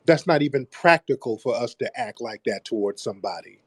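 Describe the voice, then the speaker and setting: A man's voice: medium pitch, animated, brisk, breathy edge, no room sound. A man hosting a call-in debate show, blunt and dismissive, repeating his points over and over. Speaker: host.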